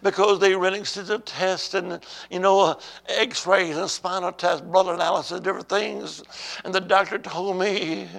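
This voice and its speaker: A male preacher with a high voice and a heavy gravelly rasp delivers a sermon to a congregation. He tells his story dramatically and keeps calling on the church to answer him. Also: steady tone, moderate pace, a bit bright. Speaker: pastor.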